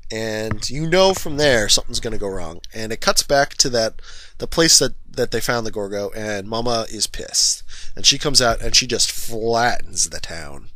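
Man, low-pitched, casual film recap, filler-heavy and self-correcting. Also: lively intonation, moderate pace, pushed and bright, no room sound. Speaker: film reviewer. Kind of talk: casual movie plot recap.

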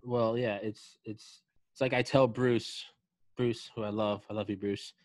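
A man's voice: fairly low pitch, little pitch movement, a little slow, darkish tone, no room sound. A man hosting a podcast interview in casual, joking, profane chat. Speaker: podcast host.

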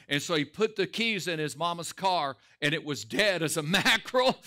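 A man's voice: on the high side, lively intonation, moderate pace, few pauses, bright, forceful tone. A man, a pastor, preaching a Sunday school lesson with emphatic, storytelling delivery. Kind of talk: sermon.

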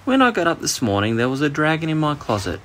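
A man's voice: lowish voice, sing-song, brisk, background noise. A man with an Australian accent voicing an eager, earnest young boy in a bedtime story, in a raised, childlike voice.

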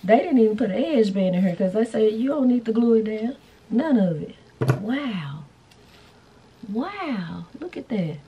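A woman's voice: fairly high pitch, very animated, a little slow, husky, lo-fi sound. A woman vlogger chatting casually and playfully to her viewers while styling a wig. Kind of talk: casual beauty vlog chat. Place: indoors, hotel room.

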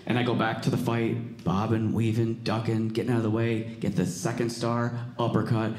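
Animated male stand-up storyteller. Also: fairly low pitch, moderate pace. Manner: animated, builds to excited shouting. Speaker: stand-up comedian. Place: comedy stage. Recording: roomy stage recording, faint noise.

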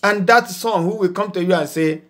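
A male preacher with a slightly high voice addresses his online congregation. He hammers single words over and over for emphasis, then slows with drawn-out hesitations. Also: fairly bright tone. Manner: emphatic, repeats words in bursts, pauses with "uh". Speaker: preacher and channel host. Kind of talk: informal video sermon.

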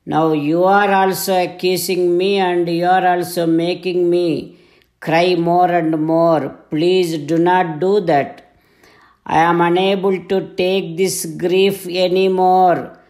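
A man's voice: high voice, level tone, takes it slowly, a little mellow. A man voicing an old king who weeps and pleads with his queen to stop blaming him, as he retells a scripture story. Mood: pleading. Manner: pleading, tearful.

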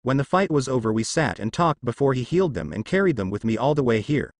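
A man's voice: medium pitch, lively intonation, quick pace, no room sound, clean studio sound. A man voicing a composed masked ninja woman. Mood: respectful report. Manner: polite, reporting, a bit evasive.

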